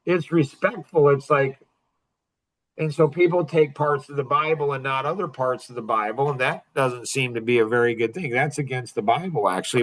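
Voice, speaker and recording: A man's voice: medium pitch, a bit bright. A middle-aged man leading a young men's group talk, rambling with many restarts and fillers.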